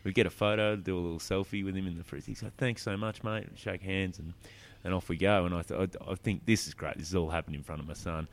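Aussie male comic, really low voice, easygoing yarn-telling. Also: fast talker, hardly any pauses. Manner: relaxed anecdotal storytelling. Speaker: comedian. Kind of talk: casual chat.

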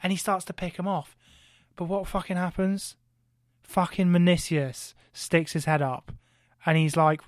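Excitable, sweary podcast storyteller. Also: male voice, on the high side, normal speed, no echo, studio quality. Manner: excitable, heavy swearing, rhetorical questions. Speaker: podcast co-host. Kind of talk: animated comic history storytelling.

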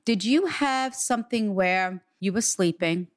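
A woman's voice: medium pitch, lively intonation, measured pace, no room sound, clean studio sound. A woman working as a psychic medium, giving an earnest, reassuring reading in conversation. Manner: earnest, reassuring, relays quotes in a raised voice.

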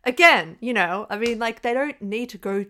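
A woman co-hosting a casual film chat who talks in a relaxed, chatty way and laughs along. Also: a little high, normal speed. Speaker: podcast co-host.

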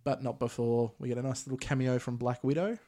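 Podcast host, man, mid-pitched, easygoing recap delivery. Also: fast. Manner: recaps plot in a relaxed, chatty way with Australian slang. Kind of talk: casual movie recap chat.

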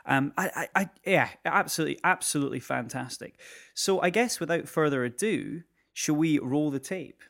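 A man's voice: on the high side, expressive, normal speed, gravelly, fairly bright tone, dry recording, studio quality. A man hosting a podcast interview, effusive and full of praise, often stumbling and restarting his sentences. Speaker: podcast host. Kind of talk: casual interview chat.

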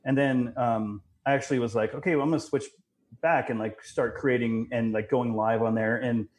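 A young man and father, a podcast guest, talking casually in halting sentences. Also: medium pitch, steady tone. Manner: halting, full of fillers and restarts.

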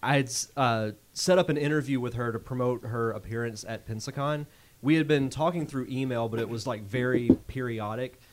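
A male podcast host talks in an easygoing, conversational way while trading stories with his guests. His voice sits at an ordinary middle pitch. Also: a little fast, slight background noise. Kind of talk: casual podcast chat.

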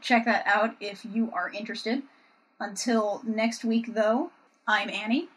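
A young adult woman co-hosting a podcast, recapping a cartoon episode in a wry, animated, casual way. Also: medium pitch, a little slow, husky. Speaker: podcast co-host.

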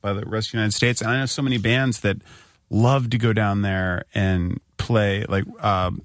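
Low-voiced easygoing male co-host. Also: steady tone, moderate pace, no room sound, studio quality. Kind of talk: casual chat.

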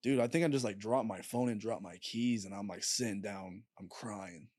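Brief: young man, lowish voice, dry close sound, rambling casual storytelling, swears a lot. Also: darkish tone, dry recording. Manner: halting, with frequent fillers and swearing. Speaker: podcast guest.

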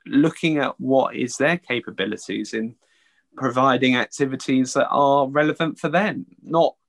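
A man, an early educator, giving an earnest, halting interview answer with frequent restarts. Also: medium pitch, dry recording.

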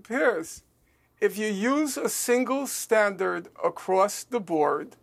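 A man speaks as a guest in a heated televised debate. His delivery is unhurried and gravelly, with a rough fry under the words. He keeps pressing the host, insistent and deliberate. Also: sits high, animated.

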